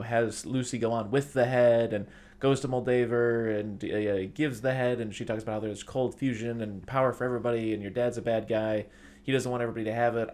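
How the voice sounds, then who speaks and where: A man hosting a casual podcast chat at an everyday middle pitch. He rambles through recaps, leans on filler like "like" and "you know", and slips into quick acted-out voices when he quotes someone. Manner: acts out quoted lines in shifting voices. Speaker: podcast host.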